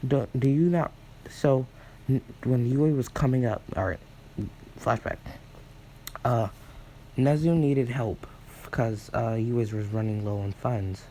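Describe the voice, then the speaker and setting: A man improvising a fan story aloud, rambling with many fillers and self-corrections, and acting out characters' lines in quick asides. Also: mid-range voice, dark tone, a little hiss or hum, rough recording. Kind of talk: improvised fan-fiction retelling.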